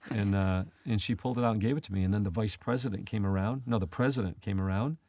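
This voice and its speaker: A man's voice: fairly low pitch, quick pace, warm tone, dry recording. A man co-hosting a Christian talk show, telling personal stories in a casual, rambling way with frequent restarts. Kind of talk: casual storytelling chat.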